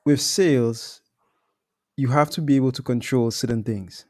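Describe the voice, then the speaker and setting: Mellow-voiced laid-back sales coach man. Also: mid-range voice, normal speed. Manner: laid-back slang, teaching with examples. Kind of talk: casual live discussion.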